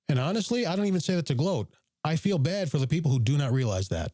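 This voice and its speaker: Emphatic male host, lively swinging pitch, mellow dry close-mic sound, riffing on his own clips. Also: quick pace, no room sound. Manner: animated, emphatic, jokey asides. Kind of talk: live commentary over video clips, reading chat.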